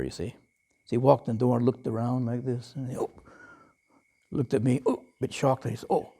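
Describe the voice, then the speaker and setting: A Buddhist monk gives a relaxed dharma talk in a mellow, mid-pitched man's voice. He tells stories loosely, with many fillers and frequent soft chuckles. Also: vocal fry, breathy edge. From Western, lived in Thailand as a layman.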